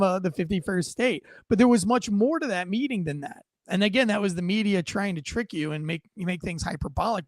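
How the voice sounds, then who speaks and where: Brash, high-voiced, gravelly American host. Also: male voice, no room sound, studio quality. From United States. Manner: brash, profane and sarcastic, mocks others in put-on voices. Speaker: political commentary host. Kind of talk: casual political commentary.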